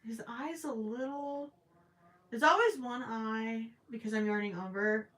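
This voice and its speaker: A woman's voice: on the high side, unhurried, a bit bright. Chatty woman crocheting on a live stream. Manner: chatty, thinks aloud, stammering restarts. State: voice cracking from long talking. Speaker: crochet livestream host. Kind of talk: casual live chat while crocheting.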